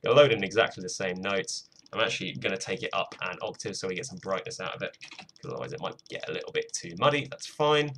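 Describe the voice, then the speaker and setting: A man's voice: low voice, lively intonation, fast, vocal fry, a bit bright, a little hiss or hum. A British man walking through his music production on a live stream, casual and self-mocking, swearing freely. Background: faint music playing.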